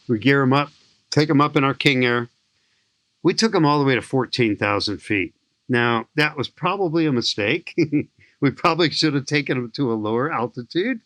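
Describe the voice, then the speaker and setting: A man in his sixties from St. Louis, a skydiving instructor telling lively, enthusiastic stories as a podcast guest. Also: medium pitch, normal speed, no room sound. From St. Louis, USA. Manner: enthusiastic, lively anecdotal storyteller. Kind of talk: animated storytelling in an interview.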